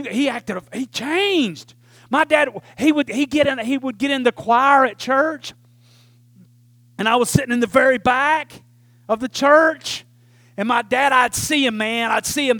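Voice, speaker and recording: A man's voice: very high-pitched, fairly bright tone, dry recording. A man preaching a sermon, telling folksy stories with lots of "right?" asides.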